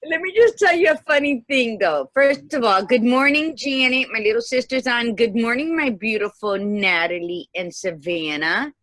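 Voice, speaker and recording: A woman in her fifties co-hosting a casual livestream chat, lively and laughing, dropping Spanish greetings. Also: on the high side, moderate pace, few pauses, no room sound. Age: 50s. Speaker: co-host, life coach. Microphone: video call.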